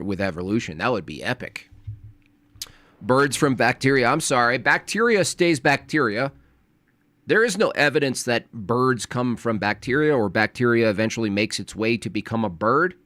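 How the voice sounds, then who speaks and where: A man's voice: medium pitch, big pitch swings, normal speed, a bit bright, no echo. A man giving sarcastic, mocking reaction commentary on a video he is watching.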